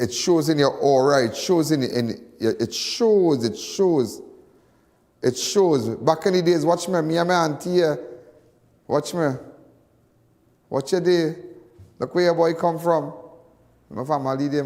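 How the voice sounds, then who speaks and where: A man's voice: fairly high pitch, darkish tone, big-room sound. Rambling Trinidadian man on a call-in show. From Trinidad and Tobago. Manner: rambling, folksy, repeats himself. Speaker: talk show host. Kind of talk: casual live call-in talk.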